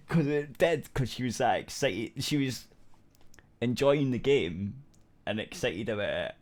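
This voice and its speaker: A man's voice: medium pitch, very animated, moderate pace. A man co-hosting a podcast, telling a gaming story in loose, rambling casual chat with frequent restarts and casual swearing. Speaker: podcast co-host.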